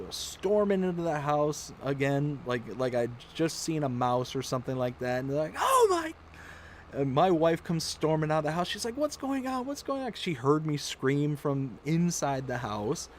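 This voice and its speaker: A man's voice: fairly high pitch, a little slow, a little hiss or hum. A man hosting a casual gaming livestream, chatting and telling funny stories, acting out his own shrieks along the way. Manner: animated storyteller, acts out his own shrieks. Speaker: livestream host. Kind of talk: casual chat while gaming.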